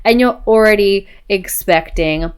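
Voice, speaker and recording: A woman voicing a delighted relative in a life-sim game, gushing with excitement. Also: medium pitch, a little slow, clear, resonant tone, natural voice. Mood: excited. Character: delighted relative hearing baby news.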